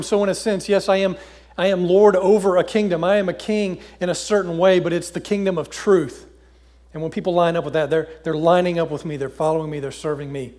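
A man preaching a sermon in a relaxed, conversational way, paraphrasing scripture with frequent fillers and restarts. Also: on the high side, fairly quick. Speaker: pastor. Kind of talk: casual sermon with scripture reading.

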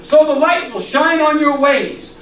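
A man's voice: extremely high pitch, a little slow, a bit bright. A man preaching a sermon with fervent conviction, often breaking into laughter between phrases. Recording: echoey room, mic far off.

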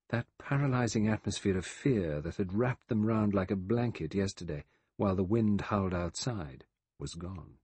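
Guy narrating an audiobook, husky low voice, measured, lots of pitch movement. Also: no echo. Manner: measured, expressive reading. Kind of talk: scripted narration.

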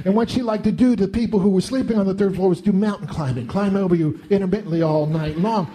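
A middle-aged man telling a self-deprecating comic monologue in an animated way. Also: sits high, quick pace. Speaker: storyteller.

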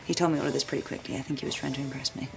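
An actress playing a coffee shop worker, with a dry, teasing manner and a husky voice. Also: female voice, rumbling low, steady tone, very fast. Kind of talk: short film acting and voice-over.

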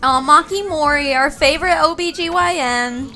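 A woman hosting a gaming channel, giving animated let's-play commentary and swearing and exclaiming at the game. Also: high voice, moderate pace.

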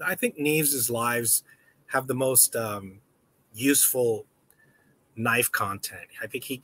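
A man hosting a casual livestream, talking in a rambling, halting way with many restarts, and switching to high baby talk when addressing a dog. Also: a bit bright. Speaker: livestream host.

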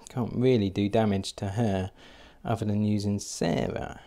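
A man's voice: fairly low pitch, fairly even intonation, a little slow, dark tone. A man narrating a solo board game playthrough, thinking aloud and hesitating with fillers as he works out each move.

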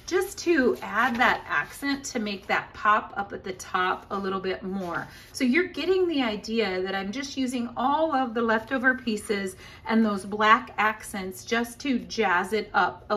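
A woman's voice: medium pitch, pushed and bright. A woman giving a casual crafting tutorial, talking in a chatty, upbeat way with frequent fillers. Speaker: scrapbooking demonstrator.

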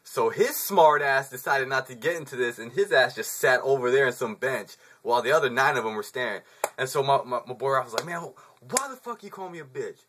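Male, 20s, vlogger storyteller; bright, tense tone, casual profane slang. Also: medium pitch, brisk, slightly rough. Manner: profane, laid-back slang, chuckles through the telling.

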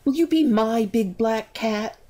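A woman's voice: unhurried, dark tone. A woman voicing a tiny, eager young girl witch who turns stubborn, reading from a storybook. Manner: high, pleading, emphatic.

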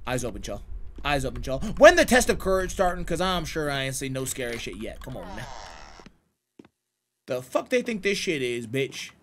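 A man streaming a horror game live, excitable and profane, chatting with his viewers in slang and breaking into shouts. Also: mid-range voice, normal speed, slight background noise. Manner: slangy banter with chat. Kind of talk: live horror gameplay commentary.

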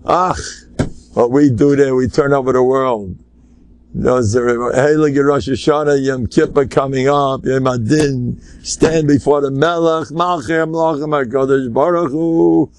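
An older man, a rabbi, giving an animated, rambling Torah lecture full of Yiddish and Hebrew terms. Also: mid-range voice, measured pace, dry recording.

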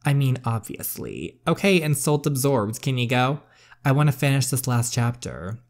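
A man's voice: mid-range voice, very animated, normal speed. A man reading the part of a bookish teenage girl in a story game, with a dry, wry delivery.

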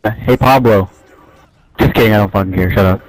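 A man trolling other players over in-game voice chat, deadpan and mock-serious. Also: fairly low pitch, fairly quick, poor audio.

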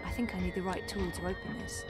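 Casting: polite, hesitant young heroine, music behind. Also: female voice, on the low side, fairly even intonation, quick pace, slightly rough. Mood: wary.

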